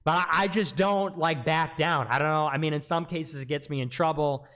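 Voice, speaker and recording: A man casually telling a story on a livestream, animated, acting out quotes in a raised voice. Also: on the high side, moderate pace. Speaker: livestream guest.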